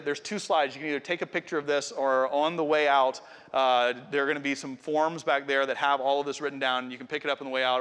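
A man's voice: medium pitch, fairly bright tone. A middle-aged man preaching a sermon in a conversational, earnest way, speaking directly to his congregation. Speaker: pastor. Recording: long hall reverb.

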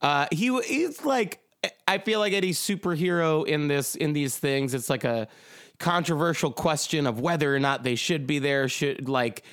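A man's voice: a little high, normal speed, a bit bright, smooth, no room sound, clean studio sound. A man co-hosting a casual podcast chat about movies, rambling and joking with loose swearing. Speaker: podcast co-host.

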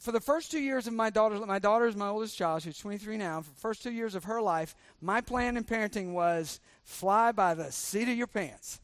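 High-voiced middle-aged male pastor, joking. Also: a little fast, hardly any pauses, dry recording, clean studio sound. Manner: joking and sarcastic, quizzing the congregation. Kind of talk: sermon.

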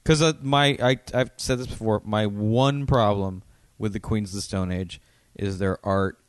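A man's voice: lowish voice, steady tone, measured pace, clean tone, no echo. A man in casual podcast chat, swearing and acting out quotes as he tells stories.

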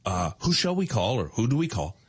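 A man imitating a polite female car voice assistant, giving flat, measured prompts. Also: on the low side, breathy edge, pitched below the performer's own voice. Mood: prompting.

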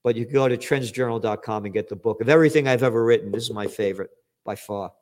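An older man giving an indignant, profane commentary monologue, swinging from loud outbursts to low muttering. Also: fast talker. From United States.

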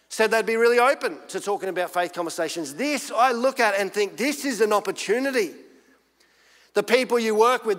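A man with an Australian accent, a pastor preaching a sermon in an animated, earnest storytelling way. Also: high-pitched, big-room sound.

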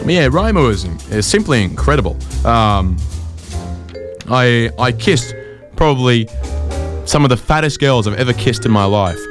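A man, hosting a comedy show and telling rambling stories in a dry, deadpan way. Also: mid-range voice, normal speed, music in the background. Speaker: podcast host. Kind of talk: comedic storytelling and chat.

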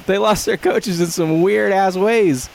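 A man co-hosting a casual sports podcast, with a fairly high voice and a faint hiss on the line. He jokes constantly and laughs a lot. Now and then he slides into a mock-solemn storytelling voice. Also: slow, creaky, a little mellow. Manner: joking, laughs often, riffs in mock-dramatic voice. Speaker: podcast co-host. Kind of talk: casual comedic chat.

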